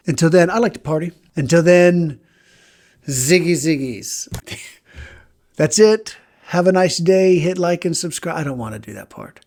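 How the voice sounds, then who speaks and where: A man with a fairly high voice hosts a podcast and retells a Bible story in a loose, conversational way. He slips into the characters' words, giving their lines as he tells it. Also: a little mellow.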